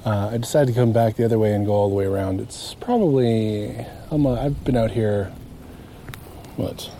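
A man's voice: fairly low pitch, normal speed, dark tone, a little hiss or hum. A man talking to himself on a walk through a marsh, rambling casually and chuckling at his own stories, recorded outdoors while he walks. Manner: meandering, chatty, self-amused. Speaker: nature walk vlogger.

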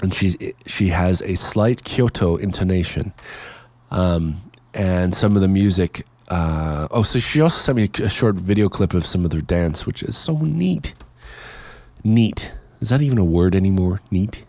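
A man from Canada chats on his podcast, a little low in pitch and easily amused. His voice is close and dry, with no room sound. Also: moderate pace, dark tone, no echo. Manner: chatty, laughing easily, enthusiastic. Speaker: podcast host. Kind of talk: casual podcast chat.

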